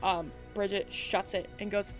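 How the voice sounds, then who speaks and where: A woman's voice: medium pitch, little pitch movement, measured pace, soft background music. A woman running a tabletop game, narrating in a casual way that is full of fillers. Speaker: game master.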